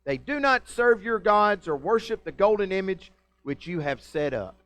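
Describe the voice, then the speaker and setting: A man voicing scheming male Babylonian court accusers with a dramatic, drawn-out lawyer-like delivery. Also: sits high, big pitch swings, a bit bright. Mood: tattling.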